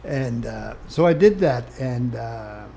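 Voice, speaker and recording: An older man from Canada speaks as an interview guest, his mellow, warm-toned voice moving between hushed reflection and sudden animated bursts. He talks plainly and earnestly about his own life. A faint hiss sits under the recording. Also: medium pitch, slow pace, gravelly. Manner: earnest, plain-spoken, swings from quiet to animated. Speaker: interview guest, former First Nations chief. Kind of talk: candid personal storytelling.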